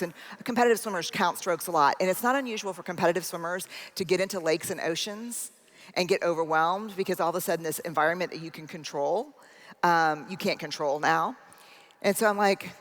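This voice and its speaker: A woman's voice: lowish voice, a little fast. A woman giving a keynote talk, telling a personal story and acting out both sides of a conversation. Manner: animated storyteller acting out dialogue. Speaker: speaker. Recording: long hall reverb.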